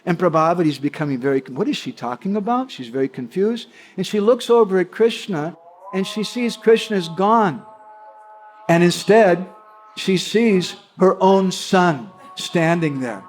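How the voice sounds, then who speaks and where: A man's voice: high-pitched, expressive, a little slow, faint music behind. A man giving a devotional talk, telling stories animatedly and checking in with his listeners. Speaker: devotional storyteller.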